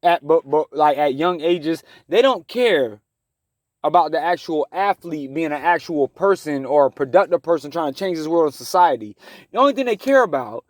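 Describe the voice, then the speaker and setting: A man's voice: a little high, animated, normal speed, no echo. A man in his thirties giving a heated, rambling personal monologue as a talk show host, with many restarts. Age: 30s. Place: living in his car in the woods.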